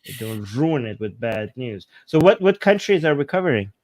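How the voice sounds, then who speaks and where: A man co-hosting a news talk show in a relaxed way, asking questions and chiming in. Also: medium pitch, normal speed. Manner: relaxed, asks questions and agrees briefly. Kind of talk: casual news discussion.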